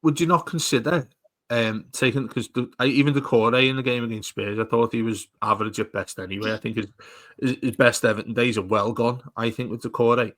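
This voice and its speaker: A man's voice: medium pitch, fairly even intonation, a little fast, a bit bright, no echo. A man co-hosting a casual football podcast, enthusiastic and often restarting his words. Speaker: podcast co-host.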